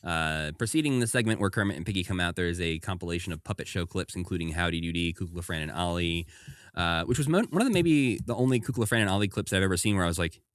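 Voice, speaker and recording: Male podcast co-host, very low voice, dry close sound, easygoing and chatty. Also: fast, smooth, dry recording. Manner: relaxed, laughs often, quotes characters in passing. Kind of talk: casual podcast chat.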